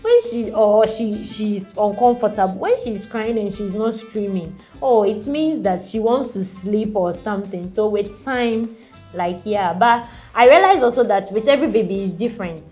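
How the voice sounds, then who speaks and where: A woman's voice: medium pitch, lively intonation, normal speed, dark tone, faint music behind. A young woman with a Ghanaian English accent, a mother talking casually in an interview, with lots of "like" and light laughs. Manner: chatty, peppered with "like" and laughs. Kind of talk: casual chat.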